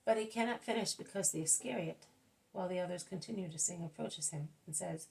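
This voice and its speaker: Low, gravelly woman narrating. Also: fairly quick, darkish tone, rough recording. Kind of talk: devotional book reading.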